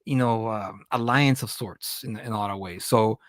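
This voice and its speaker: A man's voice: lowish voice, normal speed, a bit bright, dry recording, clean studio sound. Rambling talkative man on a live stream. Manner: rambling, repeats words when starting sentences. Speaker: podcast host and comic creator. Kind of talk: casual live-stream chat.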